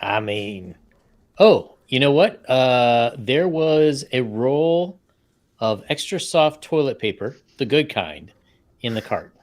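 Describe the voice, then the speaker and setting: A man's voice: mid-range voice, expressive, slow. A man playing his character in a tabletop game, joking and hesitant. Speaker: player.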